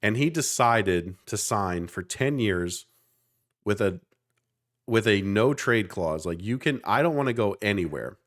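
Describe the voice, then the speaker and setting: A man, co-hosting a podcast in casual chat, earnest and animated. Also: lowish voice, a little slow. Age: 30s. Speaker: podcast co-host.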